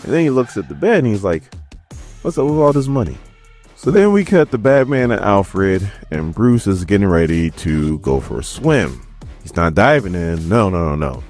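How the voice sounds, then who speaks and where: Guy retelling a comic, low voice, very animated, rambly and loose. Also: normal speed, faint music behind. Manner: loose and conversational, hedges often. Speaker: comics recap host. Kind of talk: casual comic book recap.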